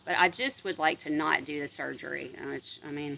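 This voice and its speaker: A woman talks to her camera outside in a yard, in a chatty, rambling way that keeps restarting and drifting into asides. Her voice sits a bit low yet rings bright and forceful. Faint insect noise hums behind her. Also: fairly quick, creaky, poor audio. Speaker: vlogger. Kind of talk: casual chat to camera. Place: outdoors in a yard near bird feeders.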